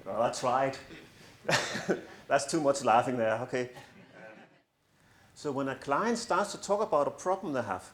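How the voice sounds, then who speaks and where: Very animated and pausing often, a middle-aged coach addresses a crowd in a large room, his mid-range voice at a moderate pace. He is earnest and persuasive, with some self-deprecating jokes, and the room sounds echoey.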